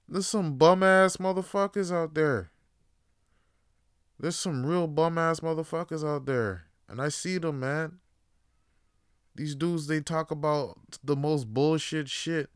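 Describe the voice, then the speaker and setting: A man's voice: fairly high pitch, a little slow, long pauses, clean tone, no echo, studio quality. Profane, rambling man on a podcast. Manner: profane, rambling, laughs often. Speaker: podcast host. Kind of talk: casual opinion monologue.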